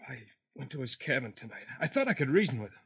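An actor playing a panicky, weak younger brother in a 1950s radio drama, frantic and pleading. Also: male voice, mid-range voice, sing-song, fast talker, fairly bright tone, husky, exaggerated voice. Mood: shaken.

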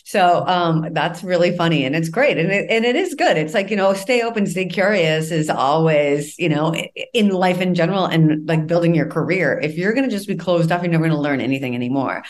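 A woman with a low voice hosts a podcast interview. She talks casually and loosely, circling her questions and filling them with "like" and "you know". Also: fairly quick, hardly any pauses. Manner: rambling, casual, lots of fillers like "you know". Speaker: podcast host.

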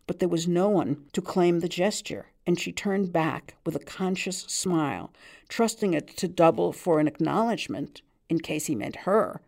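A woman reading a literary short story aloud in a measured, even narration. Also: fairly low pitch. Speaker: reader.

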